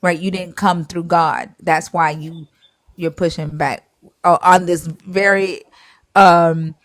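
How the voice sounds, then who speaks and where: A woman's voice: fairly low pitch, fairly even intonation, slow, no room sound, studio quality. A woman hosting a live stream, bluntly arguing and retelling scripture in casual slang with swearing.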